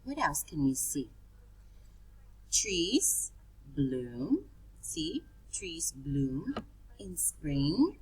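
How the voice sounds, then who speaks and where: A woman's voice: deep voice, big pitch swings, drawn-out words, long pauses, slightly rough, rough recording. A woman teaching preschool children, pointing things out in a sing-song, coaxing way.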